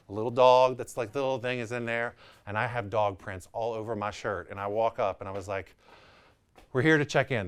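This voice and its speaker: A real estate agent in his thirties with a New Orleans accent tells a personal story candidly and animatedly, acting out the people in it by quoting them in their voices. His voice is lowish with a clean tone.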